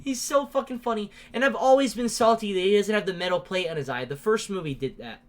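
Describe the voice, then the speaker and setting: Excitable podcast host with a mid-pitched voice, swearing through a casual movie rant. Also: fast. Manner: profane, ranting, excitable; laughs often while talking. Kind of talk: casual movie-review chat.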